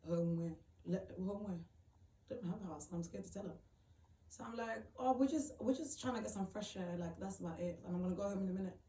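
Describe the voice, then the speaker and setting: A woman tells her own story in a halting, emotional way, often repeating herself and filling gaps with "like". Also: medium pitch, steady tone, mellow. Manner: halting, repeats phrases, many fillers. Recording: roomy, distant mic, faint background noise.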